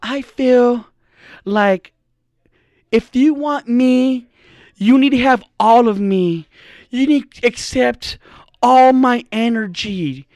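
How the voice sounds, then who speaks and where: A woman's voice: a little high, takes it slowly, pauses often, a little mellow, no room sound, voice pushed up. A man doing an impression of a dreamy young woman obsessed with energy and vibrations, in an airy, earnest drawl.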